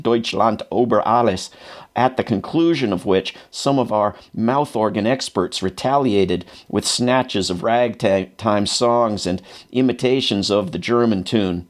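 A man reading a first-person wartime memoir aloud in a measured, unhurried way. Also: on the low side. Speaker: narrator.

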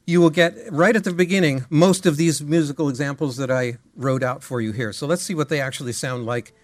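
A male music teacher giving a lecture. He explains things in an animated way and sings rhythms aloud as syllables. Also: fairly high pitch, a little fast, no room sound.

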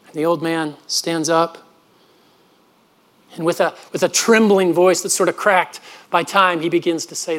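A man's voice: on the high side, measured pace, pauses often, a bit bright. A man preaching a sermon, earnest and storytelling, often restarting his words. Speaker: pastor.

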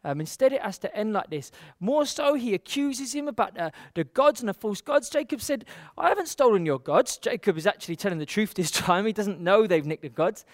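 A man with a high voice tells a Bible story in an easy, chatty way, full of little fillers and quick acted-out lines. The sound is close and dry, with no room around it. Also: sing-song, no echo. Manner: chatty retelling, acts out quotes with fillers. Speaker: Bible teacher.

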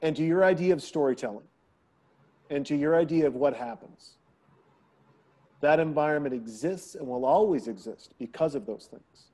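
Mellow-voiced man telling family stories. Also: a little high, normal speed. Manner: animated, acts out quoted voices of his daughter. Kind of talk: casual storytelling conversation.

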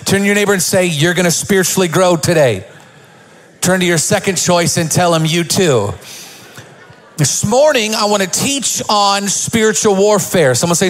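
A middle-aged man preaching from a church stage, his voice sitting a little high for a man. He eases in with jokes and family stories and then drives into fervent, emphatic preaching. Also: moderate pace, a bit bright. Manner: joking, storytelling, builds to fervent preaching. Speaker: pastor. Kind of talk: sermon.

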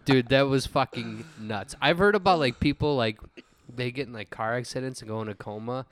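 American guy in his 30s on a podcast, swears a ton, laughs at his own story, mid pitch. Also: brisk, no echo. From United States. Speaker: podcast co-host. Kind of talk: casual storytelling.

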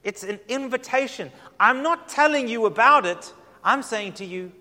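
High-voiced pastor preaching in a reverberant hall. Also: male voice, normal speed. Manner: earnest, inviting, shifts from hushed to emphatic. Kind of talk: sermon.

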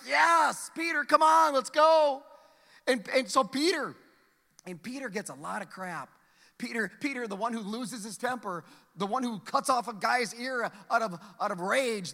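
High, bright-voiced preacher in a reverberant hall. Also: male voice. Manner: dynamic preaching, swinging from loud calls to hushed near-whispers. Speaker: pastor. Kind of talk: sermon.

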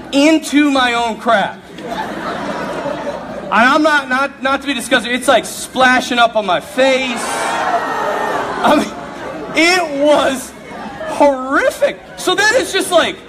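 Male preacher, high and very lively voice, comic storytelling sermon, laughs mid-line. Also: takes it slowly, pauses often, crowd noise, background noise. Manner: animated, laughs through his story.

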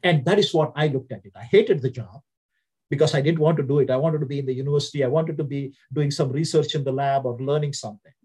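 Husky man with an Indian accent. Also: mid-range voice, fast talker, darkish tone. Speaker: interview guest. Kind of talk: reflective storytelling in an interview.

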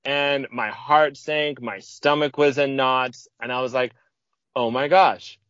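A man of medium pitch tells a personal story in casual conversation. He acts out the lines people said, jumping up in pitch for them. The audio is dull and lo-fi, with a dry, close sound and no room echo. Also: slow, clear, resonant tone. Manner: lively, acts out quoted speech with sudden pitch jumps. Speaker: podcast guest.

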